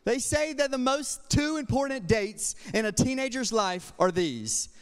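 A man's voice: very high voice, lively intonation, unhurried. Passionate young man preaching a sermon. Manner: passionate, storytelling with asides. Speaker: youth pastor. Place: church sanctuary. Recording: long hall reverb, church sanctuary.

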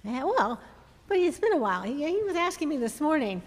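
Woman, high lively voice, playful kids' talk, reverberant church. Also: brisk. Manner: playful, sing-song talk to children. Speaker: children's sermon leader. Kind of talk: children's message with a puppet. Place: church sanctuary.

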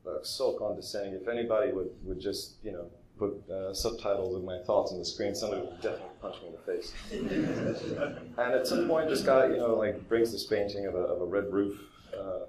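A man with a lowish voice gives a relaxed, self-deprecating talk to an audience. He fills his sentences with ums and uhs. The room adds a noticeable echo, with faint ambient noise underneath. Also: normal speed. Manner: relaxed, self-deprecating, many fillers and restarts. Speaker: guest speaker at an art expo. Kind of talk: casual storytelling presentation.

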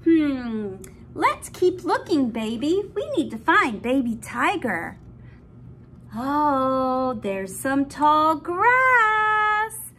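Slow, sing-song woman reading to a baby. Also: high-pitched, very animated, a bit bright, a little hiss or hum. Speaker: children's story time host. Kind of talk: reading a picture book to a baby.

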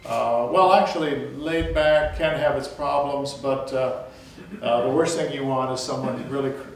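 A man's voice: medium pitch, normal speed, creaky, a little hiss or hum. A man leading a choral workshop, explaining breathing and vocal technique with frequent restarts and light self-deprecating humor. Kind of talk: hands-on vocal technique lecture. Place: large echoey room, recorded from far off. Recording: very echoey room audio from a distant mic.

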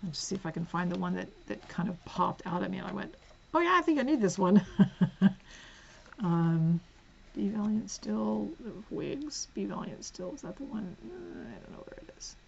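A woman hosting a casual book haul vlog at home, chatty and giggly, dropping to soft asides as she reads the spines. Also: fairly low pitch, normal speed, gravelly, highs cut off, slight background noise. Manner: chatty, giggly, drifts into soft whispers while reading spines. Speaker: book vlogger.

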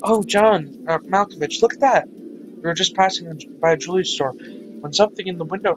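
Man narrating a visual novel let's-play, slightly high voice, lively reading over faint game music. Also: lo-fi sound. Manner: animated, laughs and reacts loudly.

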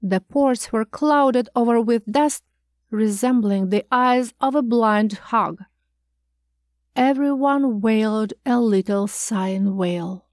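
Slow, expressive woman audiobook reader. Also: a little high, no echo. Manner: measured, expressive storytelling. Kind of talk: scripted narration.

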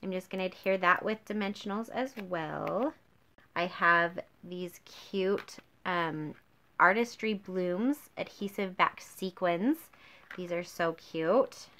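A woman's voice: fairly low pitch, slow, bright, forceful tone. An upbeat woman demonstrating card making in a tutorial, gushing over her favorite supplies. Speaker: craft demonstrator.

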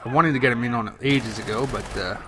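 A man's voice: mid-range voice, quick pace, a crowd in the background. A man giving casual, rambling gameplay commentary, chatty and swearing freely. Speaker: gaming commentator.

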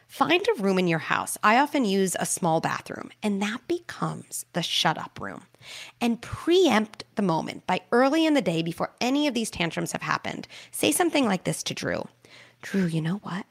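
A middle-aged woman, the host and parenting expert, calmly explaining advice on an advice podcast. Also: mid-range voice, moderate pace, vocal fry. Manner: calm, explanatory, reassuring.

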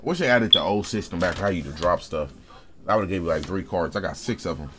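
A young man talks over his game in a lively, bouncing voice, swearing casually at other players. Loud gunfire and game noise play behind his casual commentary. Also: sits low, a little fast. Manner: loose, profane, talks to other players while playing. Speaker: gaming streamer. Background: game sounds and gunfire.

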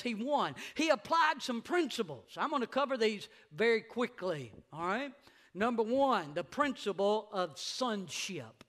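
Middle-aged male pastor, a notably high, bright voice, a fervent preacher who slows down to stress points. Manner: emphatic preaching, slowing down for stress and rising to shouts. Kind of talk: sermon. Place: church sanctuary.

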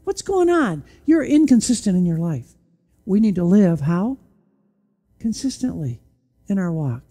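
A pastor preaching in church with a mellow, warm tone at a middling pitch. The delivery is animated, full of pointed rhetorical questions, with sudden drops to a hushed low voice for emphasis. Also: measured pace. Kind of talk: sermon.

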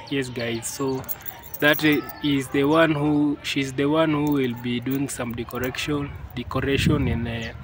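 A Kenyan man narrating a casual village vlog outdoors, hesitant with many fillers and frequent "yes, guys". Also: medium pitch. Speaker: vlogger. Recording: clear outdoor background noise.

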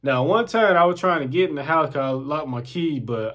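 A man's voice: fairly high pitch, a little fast. A young man telling a personal story in casual, slangy talk, often repeating his phrases. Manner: animated, slangy, repeats himself.

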